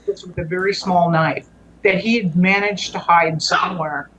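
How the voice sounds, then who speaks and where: A woman's voice: lowish voice, steady tone, noisy background. A woman speaking as a guest, telling a personal story in a conversational way. Her sentences halt, break off and restart as she works through what happened, and she often leaves a thought hanging before picking it up again. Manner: halting, with frequent restarts and trailing phrases.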